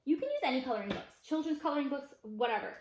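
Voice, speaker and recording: A woman's voice: sits high, sing-song, fast, roomy sound, a little hiss or hum. Chatty upbeat woman. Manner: chatty and upbeat, many fillers. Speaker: vlogger, mother of boys. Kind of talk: casual chat to camera.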